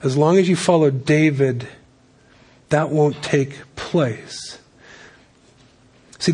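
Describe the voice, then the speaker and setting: Man, pastor, sermon, casual asides, somewhat high pitch. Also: darkish tone, husky. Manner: casual, joking asides between scripture readings.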